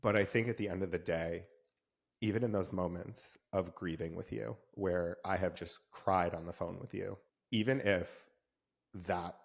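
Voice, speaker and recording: Deep-voiced male podcast host. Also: fairly even intonation, creaky. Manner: measured and reflective, speaking candidly. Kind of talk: conversational podcast interview.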